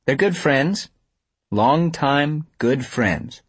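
A man reading a novel aloud, voicing a wry, teasing young woman with a lifted, lively voice. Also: mid-range voice, very slow, husky, dry recording, pitched above the performer's own voice, exaggerated voice.

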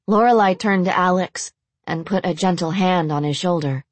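A woman with a low, breathy voice reads a novel aloud in a steady storytelling manner. The recording is close and dry. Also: normal speed, no echo. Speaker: audiobook narrator. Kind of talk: novel reading.

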